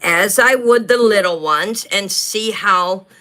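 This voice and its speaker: A woman's voice: mid-range voice, slow pace, sharp tone. A woman chatting casually to livestream viewers while she works on beaded jewelry, with hiccups. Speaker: livestream crafter. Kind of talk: casual livestream craft talk.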